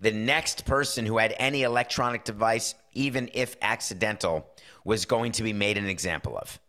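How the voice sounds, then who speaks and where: A man's voice: lowish voice, bright, forceful tone. Wry man hosting a sports talk show. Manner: wry, conversational, acts out quick quoted exchanges. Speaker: podcast host. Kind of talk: casual sports talk monologue.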